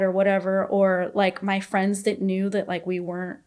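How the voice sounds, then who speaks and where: A woman's voice: mid-range voice, flat delivery, moderate pace, hardly any pauses, darkish tone. A woman in her thirties, a podcast guest telling her own story candidly, rambling and filling her speech with "like".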